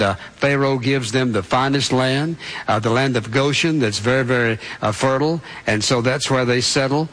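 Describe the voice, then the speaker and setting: A man's voice: mid-range voice, fairly bright tone, low-quality recording. A man preaching a sermon, retelling scripture in his own words and speaking to the congregation directly. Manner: asks listeners to picture it as parents and children.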